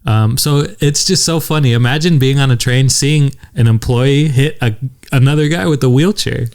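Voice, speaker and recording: A young man co-hosting a podcast tells a rambling story in casual chat, laughing often. His voice is medium-pitched and a little mellow, at a moderate pace.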